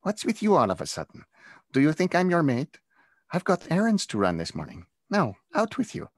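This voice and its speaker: A man reading a storybook aloud and voicing a cheerful, brisk stepmother who teases and shoos the boy along. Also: medium pitch, big pitch swings, pitched above the performer's own voice. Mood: bustling teasing. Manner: cheerful, brisk, lightly scolding. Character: teasing brisk stepmother woman.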